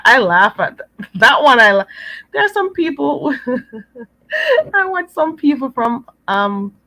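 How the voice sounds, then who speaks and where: A woman's voice: mid-range voice, no echo, poor audio. Chatty Jamaican woman live-streaming. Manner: chatty and animated, laughs often, calls viewers girl. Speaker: livestream host. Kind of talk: live-stream chat reading comments.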